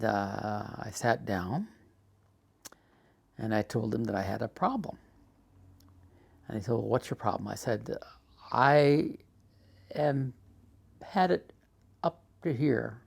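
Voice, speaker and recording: Older man with a gravelly voice. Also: fairly low pitch. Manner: animated retelling, acts out quotes; halting, frequent uhs. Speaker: documentary subject. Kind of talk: personal storytelling.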